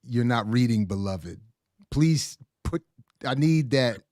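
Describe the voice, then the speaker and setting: Animated man hosting, dry sound. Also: mid-range voice, slow pace, no room sound. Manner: animated, stumbling, reads out viewer comments. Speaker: podcast host. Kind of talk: casual chat.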